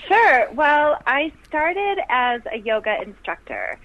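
A middle-aged woman, a life coach calling in as a radio guest, who talks with bright enthusiasm and laughs easily. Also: high-pitched, sing-song, takes it slowly. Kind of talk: upbeat radio interview. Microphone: telephone. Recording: dull phone line.

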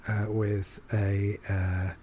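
A man's voice: on the low side, little pitch movement, very slow, mellow, slight background noise. A man from England chatting casually, rambling through a holiday story with fillers and frequent swearing. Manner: rambling, anecdotal, swears freely. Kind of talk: casual chat.

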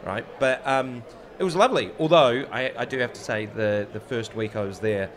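A man with a New Zealand accent telling animated anecdotes in a casual chat. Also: medium pitch, moderate pace, slight background noise.

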